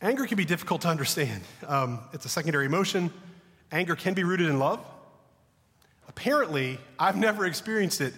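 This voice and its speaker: A man's voice: on the high side, expressive, brisk, in a large hall. A man in his thirties with a Southern American accent, preaching a conversational, self-deprecating sermon. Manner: conversational, self-deprecating, drops to a hushed voice for stories. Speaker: pastor.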